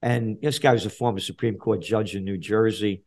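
A man in his seventies from the Bronx with a New York accent, a guest in a podcast interview, talking bluntly and profanely, dropping low then getting loud. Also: fairly even intonation, normal speed, vocal fry. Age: 70s. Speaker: guest, trend forecaster.

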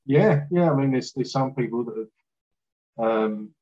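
A man recounting an experience as a guest, talking haltingly with fillers and restarts. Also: mid-range voice, lively intonation, mellow, dull audio. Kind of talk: casual storytelling in an interview.

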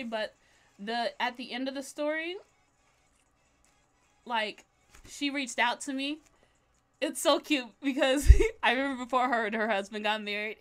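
Chatty, higher-voiced woman streamer. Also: fairly bright tone. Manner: chatty, rambling, laughs often. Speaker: livestreaming artist. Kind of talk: casual chat while drawing.

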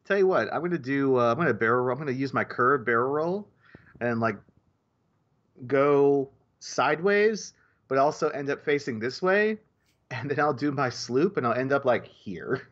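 A man's voice: mid-range voice, expressive, moderate pace, fairly bright tone, highs cut off. A man in casual podcast chat, rambling with many restarts and repeated words. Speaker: podcast co-host.

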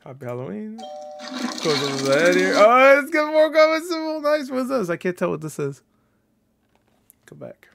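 A man hosting a casual reaction video, rambling and excitable, thinking aloud with many fillers and restarts, laughing and swearing often. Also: high-pitched, moderate pace, vocal fry, long pauses, soft background music.

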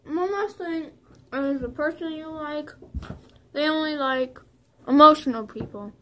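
A young woman talks through a tongue-in-cheek beauty tutorial, high in pitch and taking her time over every word. She rambles playfully, restarts her sentences and jokes as she goes. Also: unhurried, a bit bright, slight background noise. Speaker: vlogger.

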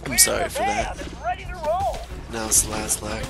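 Man doing home let's-play commentary, rambling and goofy, voice swinging wildly high and low, game music under him. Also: wildly swooping pitch, measured pace, gravelly. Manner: goofy, rambling, bursts into high squeaky impressions. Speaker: gameplay commentator. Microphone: home microphone, recorded after the gameplay.

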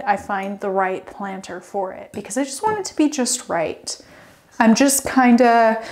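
Chatty woman giving a rambling plant tour. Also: mid-range voice. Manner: chatty, rambling, goes off on tangents; bubbly, gushing. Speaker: plant vlogger. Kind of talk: casual home tour walkthrough. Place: home with plants.

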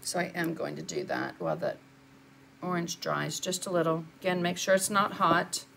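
A woman's voice: fairly low pitch, expressive, moderate pace, creaky, a bit bright, a little hiss or hum. An older woman, chatting through a live painting lesson and answering viewers as she works. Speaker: art instructor.

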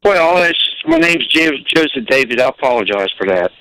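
A man calling in to a radio show, speaking haltingly and plainly. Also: medium pitch, lively intonation, bright, forceful tone, no echo, poor audio. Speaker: caller. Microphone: telephone.

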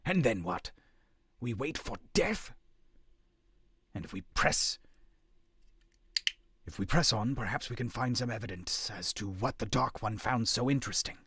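A man's voice: mid-range voice, animated, unhurried, pauses often, fairly bright tone, breathy edge, no room sound, heavily acted. A man voicing a bitter, vengeful male elder astrologer creature who growls his words. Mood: growling.

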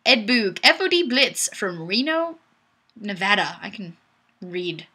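A woman's voice: medium pitch, sing-song, measured pace, pushed and bright, breathy edge. A young woman hosting a webcam chat, reading viewer comments aloud in a bubbly, playful way and laughing often. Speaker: webcam show host. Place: home webcam setup. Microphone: webcam microphone.

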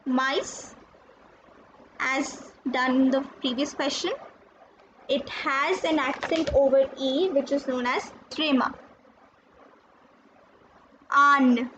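A high-pitched woman gives a recorded French lesson at an unhurried pace. She is patient, spelling out letters and repeating each word. The sound is dull and lo-fi, with a faint hiss behind her. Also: steady tone, fairly bright tone. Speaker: French teacher.

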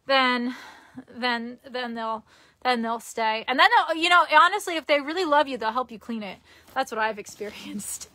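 A woman's voice: on the high side, bright, forceful tone, dry recording. A young woman chatting casually on a live stream from her cluttered bedroom, giggly and rambling, often restarting her sentences. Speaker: vlogger.

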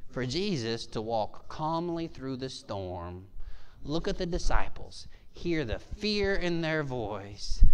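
A man preaching a conversational sermon in church, animated and joking with the congregation. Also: mid-range voice, takes it slowly, slight background noise. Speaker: pastor. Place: church sanctuary.

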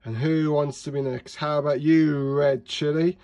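A man's voice: medium pitch, a little slow, darkish tone, close to an everyday voice. A man doing a cackling evil pea villain. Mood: gloating. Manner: sniggering, hissing, cackling. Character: sneering evil little male pea villain.

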